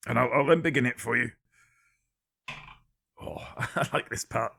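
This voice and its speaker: A man hosting a live-stream guessing game, reading out viewers' guesses one by one with dry, deadpan jokes. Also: a little high, unhurried, vocal fry, long pauses, slightly rough. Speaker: livestream quiz host.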